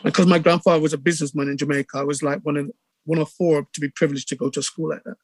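A middle-aged man with a Bristol accent, telling stories in a casual interview with lively acted-out quotes and many restarts. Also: fairly high pitch, rapid-fire, no echo. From England. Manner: animated storyteller, acts out quotes, many restarts. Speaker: radio DJ guest.

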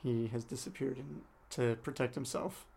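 A man's voice: mid-range voice, normal speed, vocal fry, a little mellow, breathy edge. A man co-hosting a podcast, casually retelling a book with lots of fillers. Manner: loose retelling, many fillers. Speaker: podcast co-host.

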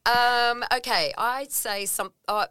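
A woman's voice: fairly high pitch, fairly even intonation, slow, pushed and bright, clear, resonant tone, no echo. A middle-aged woman from New Zealand co-hosting a podcast, chatty and self-deprecating. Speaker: podcast co-host. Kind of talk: casual chat.

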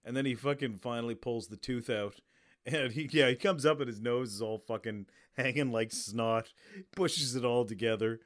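A man's voice: medium pitch, normal speed. A man in casual chat, animatedly retelling a comedy scene, swearing often and laughing mid-sentence.

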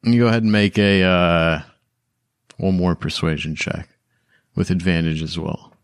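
A man narrating as the game master of a tabletop game, describing scenes in a measured way. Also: low-pitched, steady tone, smooth, dry recording, studio quality.

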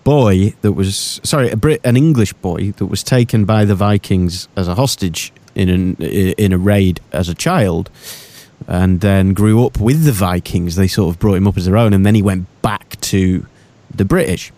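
A man co-hosting a podcast, chatting casually and animatedly about TV shows, jumping between thoughts with quick asides. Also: deep voice, mellow. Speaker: podcast co-host.

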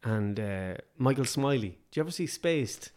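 A man's voice: medium pitch, animated, normal speed, darkish tone. A man with an Irish accent, a guest actor on a podcast, chatting casually, swearing freely and laughing often. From Ireland, County Meath.

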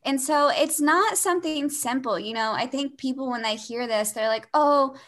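Young woman, bright voice, kinda high, chatty storytelling, says like a lot. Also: moderate pace. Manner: animated storyteller, frequent "like" fillers. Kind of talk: casual conversation, personal storytelling.

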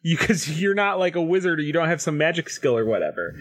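Man, podcast co-host, fairly high voice, rambling gripes. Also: sing-song, fast talker. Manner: rambling, mock-aggrieved storytelling. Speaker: podcast co-host and tabletop game player. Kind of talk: casual chat.

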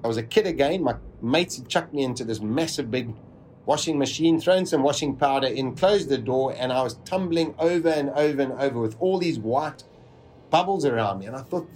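A man vividly recounting a personal survival story, with dramatic pauses. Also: medium pitch, a little mellow, a little hiss or hum.

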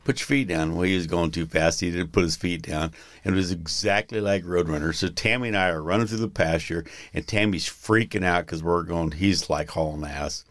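A man's voice: sits low, steady tone, fairly quick, a bit bright, no room sound. A man telling rambling stories in a casual podcast chat, often breaking into laughter at his own tales.

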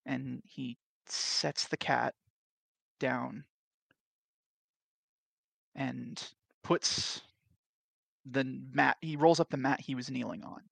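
A man describing his character's actions in a tabletop role-playing game, casual and unhurried. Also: medium pitch, fairly even intonation, gravelly, a bit bright, husky, no echo. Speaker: player.

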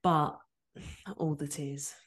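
A woman's voice: low-pitched, fairly even intonation, very slow. A young woman hosting a podcast, chatting openly and telling stories, laughing easily. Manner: open, storytelling, laughs easily. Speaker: podcast host. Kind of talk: casual chat.

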